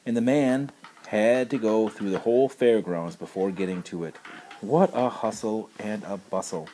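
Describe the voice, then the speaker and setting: A man narrating a children's story with expressive, storytelling delivery. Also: lowish voice, normal speed, slight background noise. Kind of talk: storybook reading.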